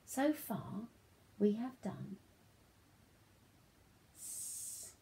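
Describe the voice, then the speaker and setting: A woman's voice: medium pitch, extremely slow, dark tone, a little hiss or hum. A woman teaching a phonics lesson to young children, speaking in a sing-song, encouraging way that often drops to a whisper.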